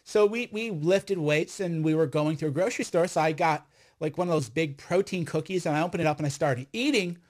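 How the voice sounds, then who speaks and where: A man, an online commentator, telling stories in a loud, rambling, emphatic monologue full of restarts. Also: fairly high pitch, brisk. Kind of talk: casual storytelling monologue.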